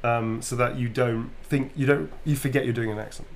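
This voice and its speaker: A relaxed British man chatting on a livestream about voice acting. He talks at an ordinary pitch and swears casually. A faint hum of noise sits behind him. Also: a little fast. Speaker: voice actor signing autographs on a livestream.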